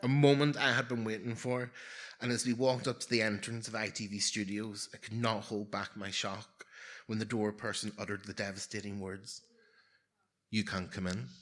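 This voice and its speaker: A man's voice: fairly low pitch, little pitch movement, moderate pace, fairly bright tone. A man in his forties telling a personal story live on stage, with wry, self-mocking humour and comic timing.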